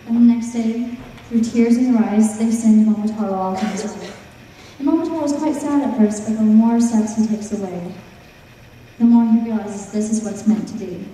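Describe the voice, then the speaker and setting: A woman's voice: medium pitch, dark tone, slight background noise. A woman telling a folk tale to a live audience, with playful, teasing asides to the listeners. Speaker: storyteller. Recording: echoey hall from far off.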